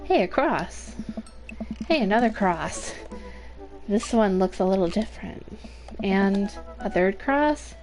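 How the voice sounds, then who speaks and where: A woman's voice: medium pitch, lively intonation, takes it slowly, pauses often, a little mellow. A young woman reading a visual novel aloud, with chatty asides and giggles, over game music. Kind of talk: narrating a game playthrough.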